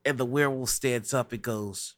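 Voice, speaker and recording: A man narrating a tabletop role-playing game as game master, with a lively way of talking. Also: mid-range voice, moderate pace, dry recording, studio quality. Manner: lively, breaks into shouted voices for characters.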